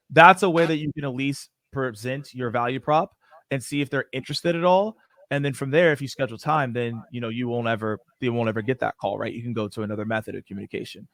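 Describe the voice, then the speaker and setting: Guy coaching cold calls on a webinar, relaxed and sure of himself, dry sound. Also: mid-range voice, fast, dry recording. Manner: confident, explanatory, acts out example phone lines. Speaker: sales coach co-hosting a Q&A. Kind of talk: casual webinar advice.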